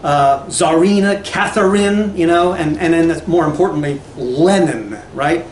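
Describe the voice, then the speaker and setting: A man's voice: on the high side, measured pace, echoey room, a little hiss or hum. A man giving a casual spoken lecture, rambling and conversational, with many fillers and restarts. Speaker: language lecturer.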